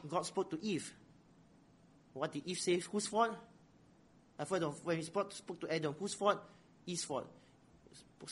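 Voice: medium pitch, slight background noise. A preacher giving a sermon, posing rhetorical questions and repeating phrases for emphasis.

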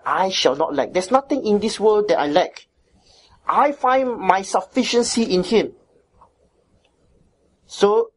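A woman's voice: mid-range voice, slightly rough. A woman preaching a sermon as she teaches a Bible passage, with emphatic repetition and frequent "right?" checks to her listeners.

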